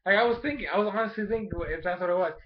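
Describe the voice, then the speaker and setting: Male reviewer, high voice, excitable casual recap with lots of fillers, dull lo-fi sound. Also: very fast, slight background noise. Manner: animated, fills speech with "like", mild cursing. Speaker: episode reviewer.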